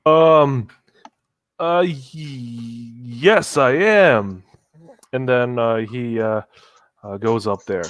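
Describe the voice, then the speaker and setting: A man playing a tabletop game, describing his character's actions hesitantly with many pauses and restarts. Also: mid-range voice, clean tone. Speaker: player.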